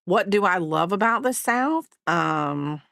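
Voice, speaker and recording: A woman's voice: fairly low pitch, expressive, slow pace, a bit bright, no echo, clean studio sound. A woman hosting a crafting livestream, rambling and chatty, often apologizing for herself. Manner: rambling, chatty, self-deprecating. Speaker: livestream host. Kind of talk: casual livestream chat. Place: home, crafting while streaming.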